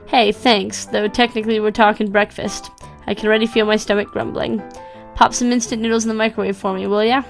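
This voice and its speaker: A woman's voice: mid-range voice, flat delivery, brisk, vocal fry, few pauses, soft background music. Casual woman commenting on a game. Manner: casual, chatty, with fillers like "like" and "um". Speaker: game video host. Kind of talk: casual gameplay commentary and reading aloud.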